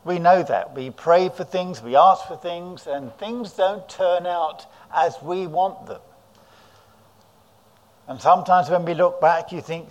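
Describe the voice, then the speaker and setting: An English preacher delivers his sermon at an unhurried pace. His voice sits a little high for a man, and he acts out the characters' words as he goes. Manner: dramatic storytelling, voices the disciples' cries.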